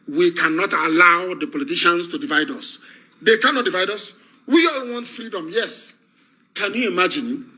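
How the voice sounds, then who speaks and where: Fiery Nigerian-accented man, high and sharp. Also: poor audio. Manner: fiery, repetitive, commanding. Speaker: preacher. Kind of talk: impassioned broadcast address.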